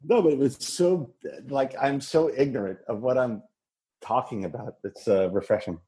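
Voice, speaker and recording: A man's voice: mid-range voice, moderate pace, warm tone. A man co-hosting a podcast, teasing his partner and making wisecracks in casual chat. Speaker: podcast co-host.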